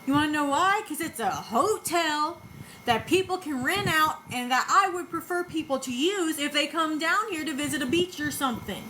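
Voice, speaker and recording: A high-pitched woman with a drawl answers her critics bluntly and defensively, swearing as she goes. Faint noise hums behind her voice. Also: animated, moderate pace, sharp tone, rough recording. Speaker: vlogger reacting to videos. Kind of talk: casual reaction commentary.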